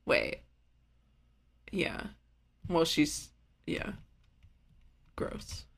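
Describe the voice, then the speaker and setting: A woman's voice: low voice, wildly swooping pitch, very slow, vocal fry, a bit bright, breathy edge. Playful twentysomething woman podcast host. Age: 20s. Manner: playful, joking, frequent laughter. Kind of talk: casual chat recapping a TV episode.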